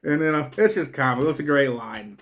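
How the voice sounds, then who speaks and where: A man's voice: on the high side, fairly quick. A man recaps a horror film in a loose, casual review. He swears freely and laughs his way through the story, wandering from point to point. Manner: profane, laughing, rambling recap. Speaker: movie reviewer.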